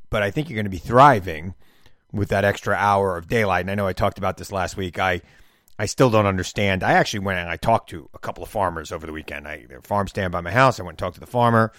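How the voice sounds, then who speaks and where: Low-voiced rambling New host. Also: male voice, a bit bright, no echo, clean studio sound. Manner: rambling, self-interrupting, stammers on restarts. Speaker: podcast host. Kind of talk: casual chat.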